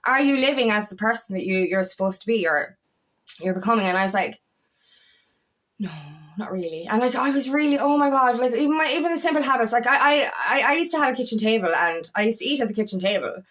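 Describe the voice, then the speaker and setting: A woman's voice: a little high, expressive, fast talker, fairly bright tone. A woman empowerment coach talking casually to camera, chatty and rambling, with frequent restarts and fillers. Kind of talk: casual motivational monologue.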